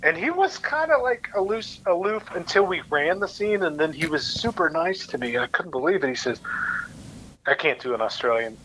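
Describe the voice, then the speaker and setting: Animated man telling a set story. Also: fairly high pitch, moderate pace, a little hiss or hum, poor audio. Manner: animated storyteller, acts out quoted voices, laughs often. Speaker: actor guest. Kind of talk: casual anecdote-telling.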